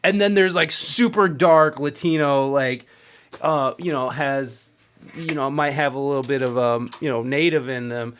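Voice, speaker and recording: A man's voice: mid-range voice, steady tone, measured pace, a bit bright, clear, resonant tone. A man hosting a casual interview, talking bluntly with swearing and loose, rambling questions. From Mexico, half Mexican heritage. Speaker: podcast host.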